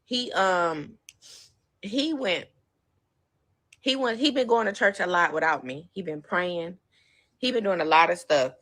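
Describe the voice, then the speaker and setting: A woman's voice: lowish voice, unhurried, pauses often, fairly bright tone. A woman talking on her livestream, tearful, rambling and defensive. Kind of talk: emotional live stream talk.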